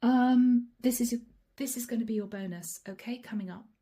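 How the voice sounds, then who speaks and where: A woman giving a channeled tarot reading in a hoarse, raspy voice that is fading, speaking softly with whispered asides. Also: a little high, moderate pace. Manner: soft-spoken with whispered asides. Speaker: tarot card reader.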